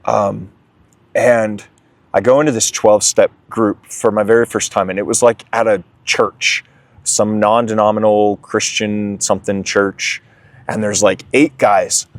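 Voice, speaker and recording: Young guy opening up about his past, animated and emotional, pretty dry close sound. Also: on the low side, unhurried, no room sound. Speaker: interview guest. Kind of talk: candid testimony.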